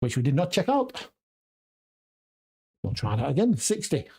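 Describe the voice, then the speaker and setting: A man's voice: fairly high pitch, very animated, unhurried, mellow, breathy edge. A man on a casual live stream, practicing darts and muttering checkout numbers to himself, then chatting with viewers. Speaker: darts vlogger. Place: home darts room.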